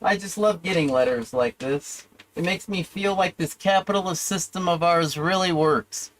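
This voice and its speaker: A man's voice: high-pitched, normal speed, fairly bright tone, slight background noise, rough recording. A man ranting alone on his livestream, rambling and sarcastic with plenty of profanity and self-pity. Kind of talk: solo livestream rant.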